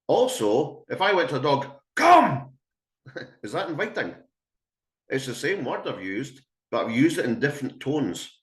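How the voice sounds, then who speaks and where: A man's voice: medium pitch, very animated, moderate pace, roomy sound. A Scottish man working as a dog trainer, giving a chatty, emphatic webinar talk to a live audience and acting out calls to a dog. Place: indoor room with an audience.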